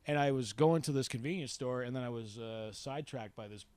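A man's voice: medium pitch, fairly quick, darkish tone, clean tone, no room sound. A man telling a story in casual chat, rambling and conversational. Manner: rambling, conversational, many restarts.

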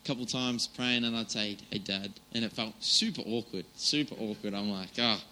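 A man's voice: medium pitch, a little fast, bright, forceful tone, a little hiss or hum, low-quality recording. A man giving an informal, chatty sermon, with many fillers and restarts. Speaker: preacher.

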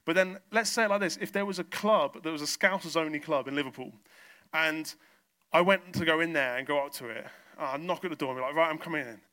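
Male pastor, bright tone, storytelling sermon. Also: a little high, fast talker. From south coast of England. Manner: storytelling, acts out exchanges in quoted voices. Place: church.

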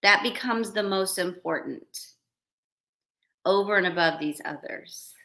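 A woman who counsels couples, giving earnest advice on a podcast in a slow, reflective way with light laughs. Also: mid-range voice, bright, forceful tone. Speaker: podcast host and couples therapist.

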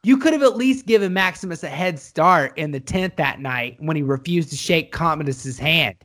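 A man talking movies in loose, excitable chat, cursing freely. His voice sits a little high and swings widely, leaping up whenever he gets fired up. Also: normal speed, hardly any pauses. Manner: excitable, swears a lot, voice jumps high when excited. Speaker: podcast co-host. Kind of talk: casual movie discussion.

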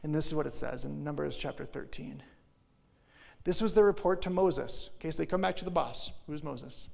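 A middle-aged male pastor giving an energetic, conversational sermon that swings from loud to soft. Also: a little high, fairly quick, vocal fry.

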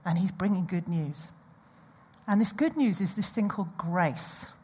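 Husky-voiced woman preaching. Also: fairly low pitch, unhurried. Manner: animated storytelling with audience asides. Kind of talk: sermon.

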